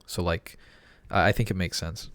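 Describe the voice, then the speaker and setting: A man's voice: deep voice, fairly even intonation, normal speed, fairly bright tone, no room sound. A man co-hosting a podcast in casual chat, laid-back and loose. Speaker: podcast co-host.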